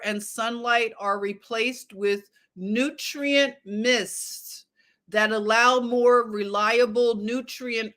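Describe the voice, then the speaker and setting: A woman hosting a casual livestream, reading news headlines aloud with sarcasm and chuckling at them. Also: mid-range voice. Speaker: livestream host.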